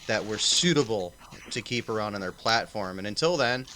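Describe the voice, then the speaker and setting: A man's voice: fairly low pitch, lively intonation, normal speed, pushed and bright, slight background noise. A man hosting a casual livestream panel, swearing and rambling with lots of fillers. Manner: profane, rambling, filler-heavy. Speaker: stream host.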